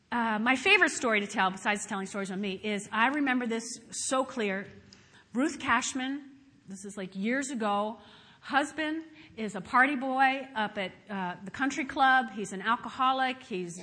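A bright, high-voiced woman pastor preaches with lively storytelling. She drops to hushed asides and rises to shouted praise, and her voice carries a long hall reverb. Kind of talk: sermon.

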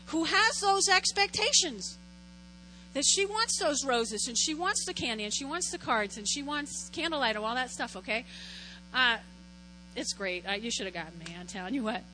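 A middle-aged woman pastor preaching in a lively, conversational way, telling stories and constantly checking in with her listeners. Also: high-pitched, moderate pace, a little hiss or hum, low-quality recording. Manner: animated, storytelling, keeps checking in with "right?". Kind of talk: conversational sermon.

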